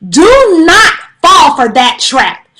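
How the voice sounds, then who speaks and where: A high-pitched woman speaks on a phone livestream, urgent and preachy, repeating her warnings again and again. Her voice is bright and forceful, and she mixes casual slang and fillers in with her sermon-like pleas. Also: big pitch swings, slow. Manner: casual slang-laced talk with frequent fillers. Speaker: livestreamer giving a spiritual message. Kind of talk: impassioned direct-address livestream plea. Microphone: phone on a live stream.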